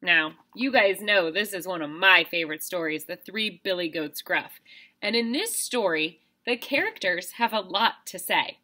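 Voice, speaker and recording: A woman teaching a reading lesson to kindergartners, speaking in an animated, enthusiastic way to small children. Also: fairly low pitch, moderate pace.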